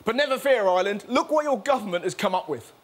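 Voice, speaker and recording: Sarcastic, lively comedy host. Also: male voice, very high-pitched, fast. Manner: sarcastic, animated. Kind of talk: stand-up style topical comedy.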